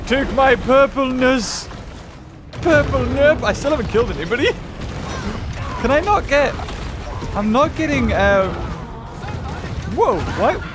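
A young man excitedly commentating his gameplay, often exclaiming and laughing. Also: extremely high pitch, a little slow, long pauses. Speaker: gaming YouTuber. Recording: game music behind voice.

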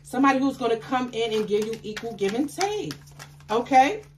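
A woman reading tarot cards for her audience in a slightly high voice. She talks in a chatty, affectionate way and calls the listener baby. She breaks into excited exclamations and laughs, with faint noise in the background. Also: a little fast. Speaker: tarot card reader. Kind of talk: intuitive tarot reading to viewers.

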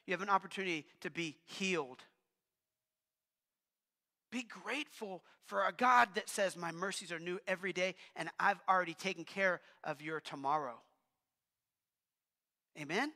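A male pastor preaching a sermon in a casual, animated way, with asides to the congregation. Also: high voice. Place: church hall. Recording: long hall reverb.

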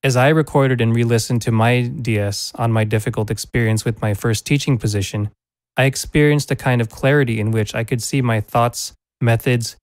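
A man's voice: medium pitch, steady tone, normal speed, no echo. A male teacher reading a prepared lecture in an earnest, reflective manner, recorded close on a studio microphone. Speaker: teacher presenting a lesson. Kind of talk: scripted lecture narration. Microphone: studio condenser microphone.

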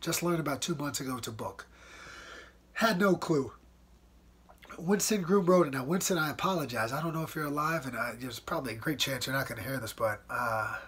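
An American man hosts his own podcast from home in front of a white wall, laid-back and chatty, tossing in "man" and "dude" constantly. His voice is medium-pitched with a fairly bright tone and a breathy edge.

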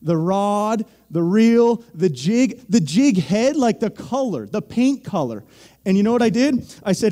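Young pastor guy from pennsylvania cracking jokes in his sermon, kinda high voice, soft warm tone. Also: lively intonation, unhurried. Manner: joking, storytelling, self-deprecating.

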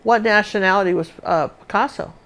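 A woman's voice: medium pitch, a little fast, fairly bright tone. A woman teaching a live painting lesson, chatting and thinking aloud as she works.

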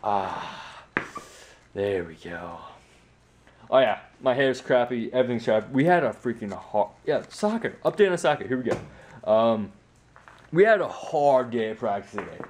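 A man's voice: mid-range voice, animated, moderate pace, a little mellow, a little hiss or hum. A teenage boy chatting casually in a home vlog, rambling and mocking himself, tired after sports practice. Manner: rambling, self-mocking, many fillers. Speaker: vlogger.

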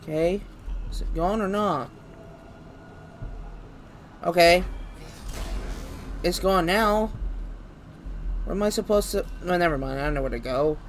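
A man's voice: sits high, measured pace, long pauses, a little hiss or hum. Swearing, panicky gaming streamer man. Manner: swearing, panicky outbursts between muttering. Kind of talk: live horror game commentary.

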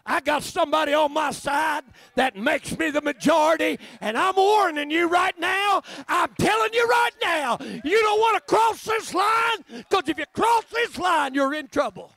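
Preacher doing a fired up old farmer, yelling slow threats, bright high voice. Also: male voice, very animated, no echo, heavily acted. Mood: defiant. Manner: shouting warnings, drawn out. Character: defiant old male farmer warrior.

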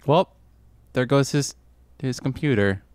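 A young man co-playing a game, making jokey, teasing commentary that bursts into shouts. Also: mid-range voice, measured pace, a little hiss or hum. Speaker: guest co-player. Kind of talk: casual gameplay commentary.

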